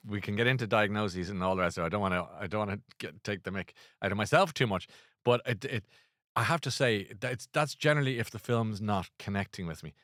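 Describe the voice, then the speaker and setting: A man's voice: lowish voice, fairly bright tone, dry recording, clean studio sound. A man hosting a casual chat show, rambling and self-deprecating with lots of restarts. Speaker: host.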